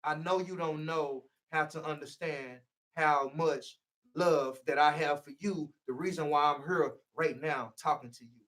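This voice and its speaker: High-voiced man preaching in an echoey room. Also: a little slow, a bit bright. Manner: preachy, repeats "see" to drive points home. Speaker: healing speaker. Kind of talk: motivational talk. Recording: echoey room, voice far from mic.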